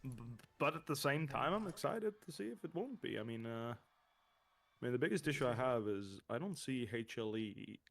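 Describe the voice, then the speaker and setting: Young man, ex-pro gamer, casual stream chat, rambling, repeats words, swears, average pitch. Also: lively intonation, normal speed, gravelly.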